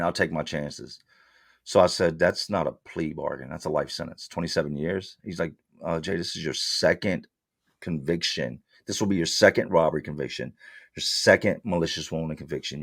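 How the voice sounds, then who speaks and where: Low-voiced guy telling his story straight up, blunt street talk, dry close sound. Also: vocal fry, no room sound. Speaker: interview guest. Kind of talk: candid storytelling.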